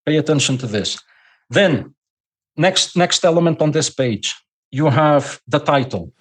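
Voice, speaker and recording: A man's voice: a little high, expressive, unhurried. A man from Portugal with a Portuguese accent, a non-native English speaker, explaining at length as a podcast guest and often repeating words as he thinks. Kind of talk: podcast conversation.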